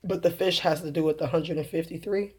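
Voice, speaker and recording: A woman who talks in a rambling, earnest way, laughing often and filling pauses, as she tells viewers of her religious video channel about her day. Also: fairly low pitch, fairly even intonation, a little mellow, breathy edge. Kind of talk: casual spoken testimony to camera.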